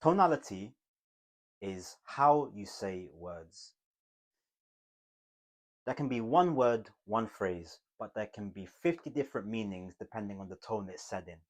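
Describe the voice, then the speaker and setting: A communication coach teaches to camera in an emphatic, motivational style, swinging between loud bursts and hushed asides. His lowish voice is expressive and unhurried.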